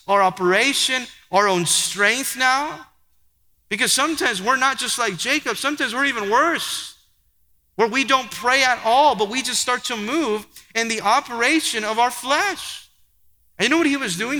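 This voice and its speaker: A man's voice: very high voice, sharp tone. A man preaching a sermon with an emphatic, repetitive cadence. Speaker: pastor. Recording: long hall reverb.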